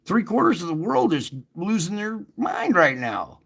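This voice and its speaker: Gravelly, husky man giving casual encouragement. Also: high voice, wildly swooping pitch, a little slow, a bit bright. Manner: earnest and chatty, with emphatic rises and restarts. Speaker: host of an online faith show.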